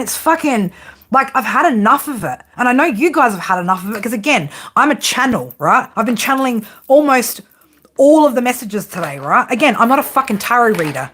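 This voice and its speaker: A fed-up woman venting to her viewers as a psychic reader, cursing nearly every sentence and tossing in "right?" after each point. Her voice sits a little high, and she breaks into laughter between the complaints. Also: fairly bright tone. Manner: swears constantly, laughs often; exasperated, repeats "right?". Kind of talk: ranting to viewers.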